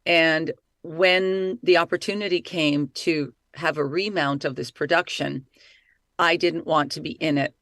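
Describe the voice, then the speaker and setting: Middle-aged woman, lively and talkative, excitable interview chat, dry close sound. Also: low voice, unhurried, no room sound. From Italy. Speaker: actress, voice-over artist and playwright.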